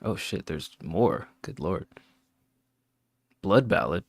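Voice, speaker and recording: A man with a fairly low voice speaks casually and wryly, cracking jokes between song picks. The sound is dry and close, with no room echo. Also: very animated, slow pace, vocal fry, breathy edge. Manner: wry, joking, reads out titles plainly. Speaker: co-host picking and rating listener tracks. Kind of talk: casual critique chat.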